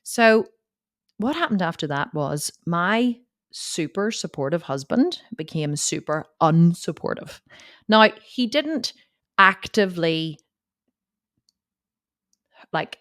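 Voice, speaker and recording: A woman fitness coach telling a personal story to camera in a candid, animated way, swearing freely. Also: lowish voice, takes it slowly, pauses often, no echo, studio quality.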